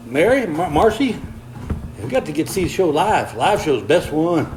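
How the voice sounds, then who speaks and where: Very animated and slightly high, an older man's a-little-mellow voice moves at a moderate pace on a roughly recorded livestream. He reads viewer comments while walking on a treadmill, a touch out of breath, keeping things folksy and easygoing and chuckling often.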